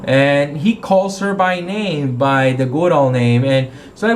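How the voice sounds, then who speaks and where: A man's voice: fairly high pitch, takes it slowly, hardly any pauses. A man acting as game master, casually retelling a tabletop game session in a rambling way and often correcting himself.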